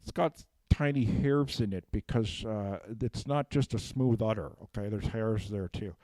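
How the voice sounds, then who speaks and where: A man's voice: on the low side, measured pace, mellow, dry recording. A man doing a rambling, improvised comic monologue who keeps asking "okay?", speaking into a handheld mic. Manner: rambling, drops "okay?" after nearly every phrase. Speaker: improv comedian. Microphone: handheld microphone.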